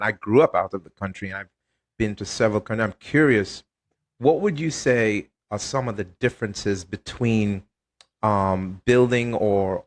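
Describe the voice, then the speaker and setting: A male host running an interview, his voice sitting a little low. He asks his questions in a measured way, pausing to find his words, and keeps the conversation going with short murmured acknowledgments. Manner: measured questions with brief "mm-hmm" backchannels.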